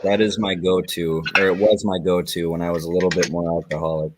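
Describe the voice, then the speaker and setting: A man's voice: low voice, level tone, fairly quick, background noise. A man chatting casually and joking with friends on a stream. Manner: joking, laid-back. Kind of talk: casual chat.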